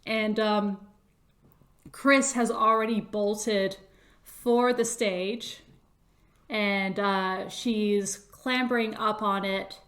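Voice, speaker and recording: A woman's voice: mid-range voice, fairly even intonation, extremely slow, fairly bright tone. A woman narrating a tabletop game as game master, with many hesitant fillers.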